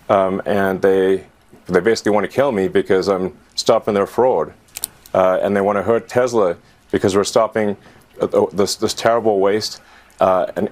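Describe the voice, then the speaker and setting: A man answering in a TV interview, halting with many hesitations. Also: fairly low pitch, a little mellow.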